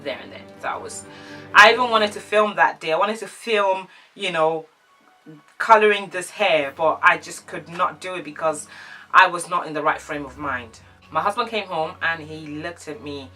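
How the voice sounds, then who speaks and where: A woman vlogger telling an animated storytime, acting out the dialogue. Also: fairly low pitch, normal speed, distant mic, faint music behind. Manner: animated, acts out quoted dialogue. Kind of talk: casual storytime chat.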